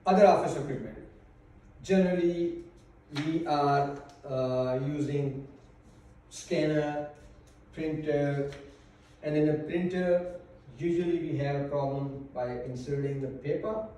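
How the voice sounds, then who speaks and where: A man teaching a class, explaining slowly and carefully with pauses. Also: a little high, mellow. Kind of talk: classroom lesson. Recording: echoey room, mic far off.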